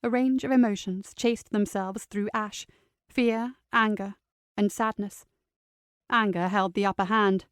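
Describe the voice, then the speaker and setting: A woman reading a novel aloud in steady, scripted narration. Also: mid-range voice, a little slow, clear, resonant tone, no room sound, studio quality. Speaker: audiobook narrator.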